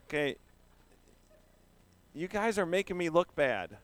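A man's voice: on the high side, expressive, a little slow, pauses often. A man giving a children's sermon, playful and asking the children questions as he talks. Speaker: pastor giving a children's message.

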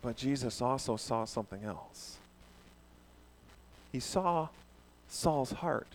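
A man preaching a sermon in an animated way, asking the congregation questions. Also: mid-range voice, slow pace, a little hiss or hum. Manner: animated, asks the audience questions. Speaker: pastor.

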